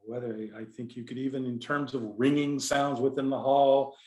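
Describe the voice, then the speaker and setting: A man's voice: mid-range voice, level tone, normal speed, a little mellow, roomy sound. A man with a Texan accent giving an informal poetry lecture, talking conversationally, digressing and correcting himself with fillers. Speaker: contest director teaching poetry explication.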